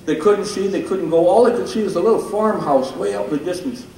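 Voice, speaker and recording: A man's voice: sits high, fast talker, mellow. A man telling jokes on stage at a benefit and teasing people in the audience. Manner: teasing, jokey, ribs audience members. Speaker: stand-up comedian at a benefit. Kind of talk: live stand-up joke telling. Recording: echoey hall, far from the mic, crowd noise.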